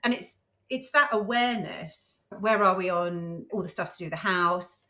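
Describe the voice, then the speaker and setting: A woman's voice: on the low side, moderate pace, pushed and bright. A middle-aged woman, a podcast guest, chatting casually and acting out little quotes as she tells stories. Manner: chatty, storytelling with acted-out quotes.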